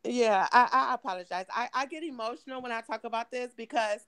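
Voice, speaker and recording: A middle-aged woman from Michigan, hoarse and emotional, telling her story in an interview with halting, restarting speech. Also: on the high side, crowd noise. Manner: halting, repeats words, restarts often. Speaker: guest, mother of missing woman.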